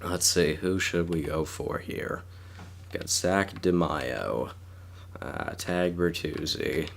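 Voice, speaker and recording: A man's voice: deep voice, slow pace, vocal fry. A young man with a sore throat, casually commenting on his game and stumbling over player names as he thinks aloud. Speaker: gaming YouTuber.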